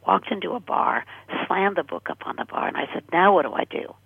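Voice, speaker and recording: An older woman with a deeply husky, gravelly voice tells her story in earnest and often sinks to a breathy near whisper. Her pitch rides up and down with lively swings. The sound is dry and tinny, like a phone line on the radio. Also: brisk, no room sound. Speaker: guest. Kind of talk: personal testimony in a radio interview.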